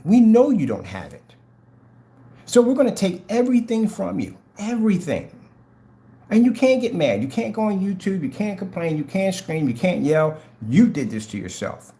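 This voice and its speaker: A man's voice: high voice, mellow. A man hosting a livestream, confronting viewers in a taunting way and repeating the same challenging questions over and over. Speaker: channel host.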